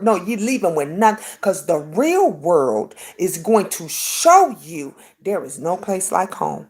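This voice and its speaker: A woman's voice: lowish voice, big pitch swings, measured pace, few pauses, darkish tone. A woman, hosting a casual livestream chat, emphatic and preachy, talking straight to her viewers. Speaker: livestream host.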